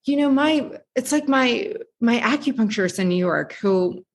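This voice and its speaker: A woman from Virginia, a podcast guest and author, speaking in a heartfelt, expressive way and often asking "right?". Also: a little high, normal speed. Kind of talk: casual interview talk.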